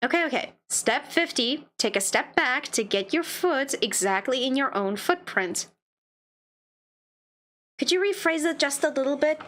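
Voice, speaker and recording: A woman's voice: high-pitched, lively intonation, unhurried, a bit bright. A woman streaming a game, reading its dialogue aloud and reacting playfully between lines. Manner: playful, reads text then comments with laughs.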